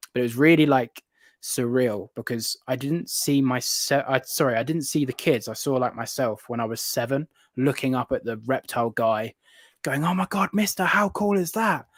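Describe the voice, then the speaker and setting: A British man in his late twenties or thirties, chatting as a guest and telling stories with animated excitement and bursts of laughter. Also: medium pitch, no room sound. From United Kingdom. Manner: excitable, animated storyteller who often laughs mid-sentence. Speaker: guest reptile keeper. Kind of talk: casual storytelling chat.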